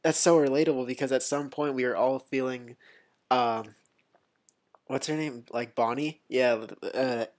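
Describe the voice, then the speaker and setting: Animated young man reviewing movies. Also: medium pitch, measured pace. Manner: animated, acts out movie lines in quotes. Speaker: podcast co-host. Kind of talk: casual movie review chat.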